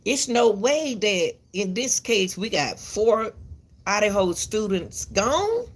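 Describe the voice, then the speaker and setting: A commentary channel host talks casually to the camera in a mid-range, sing-song voice at a slow pace, slightly rough. She is emphatic and repetitive, lecturing parents, calling viewers "baby", and often stumbling and restarting her words.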